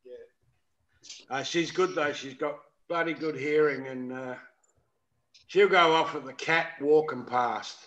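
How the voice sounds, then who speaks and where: A man's voice: a little high, a little slow, pauses often, a bit bright. An Australian man chatting casually in a laid-back, joking way. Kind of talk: casual chat. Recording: dull lo-fi audio.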